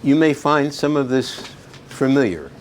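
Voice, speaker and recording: Slow-speaking man giving a lecture. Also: medium pitch, expressive, slight background noise. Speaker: guest speaker. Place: classroom.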